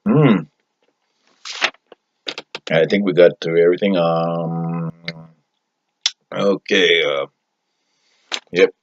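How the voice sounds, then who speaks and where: A low-pitched man hosts a comic food review in a tough-guy persona, talking very slowly and pausing often. He is hesitant and rambling, full of fillers and a recurring "yo" catchphrase. The audio is dull and lo-fi with faint hiss.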